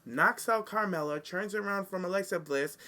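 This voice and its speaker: Casting note: male co-host, bright and forceful tone, sassy and animated storytelling. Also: high voice, normal speed. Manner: animated, sassy, acts out quotes. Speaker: podcast co-host. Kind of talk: casual chat recapping wrestling.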